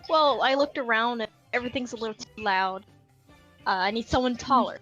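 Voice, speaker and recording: A woman's voice: a little high, fairly quick, fairly bright tone, muffled recording, faint music behind. A woman playing in a tabletop game, talking hesitantly and trailing off. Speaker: player.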